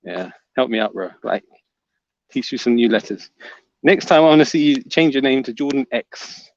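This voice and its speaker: A man's voice: mid-range voice, animated, normal speed, no room sound, muffled recording. A man hosting a livestream, reading viewer comments aloud and teasing the chatters. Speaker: livestream host reading chat. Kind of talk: casual livestream chat.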